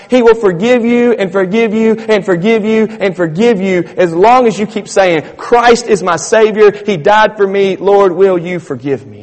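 A man preaching a sermon in an emphatic, repetitive, conversational style. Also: high-pitched. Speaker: pastor. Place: church sanctuary. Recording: reverberant church hall.

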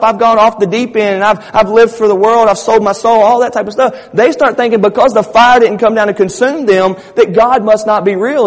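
A man preaching a sermon in an emphatic, repetitive, conversational style. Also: high voice. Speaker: pastor. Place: church sanctuary. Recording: reverberant church hall.

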